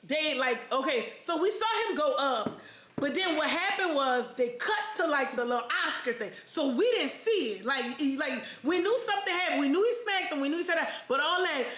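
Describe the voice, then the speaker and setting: High bright american lady chatting away excitedly, echoey room. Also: a little fast. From United States. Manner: animated, excitable storyteller with slangy speech. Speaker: mukbang vlog host. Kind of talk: casual chat.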